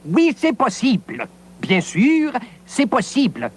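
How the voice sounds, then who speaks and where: A woman's voice: fairly high pitch, huge pitch swings, measured pace, darkish tone, slightly rough, heavily acted. A woman playing a sing-song talking pineapple. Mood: teasing. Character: talking male pineapple, playful and teasing. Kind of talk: children's TV show dialogue in French.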